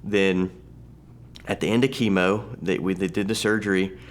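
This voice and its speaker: A man in his thirties sharing a personal testimony in a halting, conversational way, often restarting his sentences. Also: low-pitched, steady tone. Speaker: church testimony speaker.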